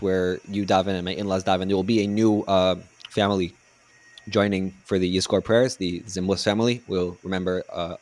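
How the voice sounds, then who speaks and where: A man hosting a podcast, asking earnest, measured interview questions. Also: on the low side. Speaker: podcast host.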